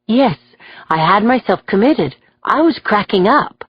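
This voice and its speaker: An unstable adult man on the witness stand, his voice pitched up and thick with feeling, put on by a woman narrator. The audiobook sound is close and dry, a little dull. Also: expressive, a little slow, slightly rough, no echo. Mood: weary. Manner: raised, agitated, emotional. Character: troubled adult male defendant, unstable.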